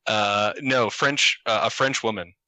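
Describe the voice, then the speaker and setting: A man guesting on a casual chat show, his voice low in pitch yet sharply bright and forward. He speaks haltingly, starting and restarting through fillers. The sound is dry and close. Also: no room sound.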